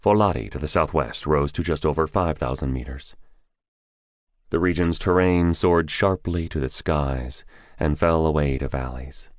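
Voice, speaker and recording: A man reading a thriller audiobook in a measured, descriptive narration. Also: extremely low pitch, dry recording, clean studio sound. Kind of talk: scripted narration.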